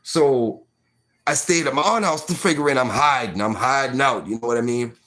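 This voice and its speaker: A man's voice: mid-range voice, normal speed, fairly bright tone. A man in his forties telling a personal story casually, full of fillers like "you know what I mean".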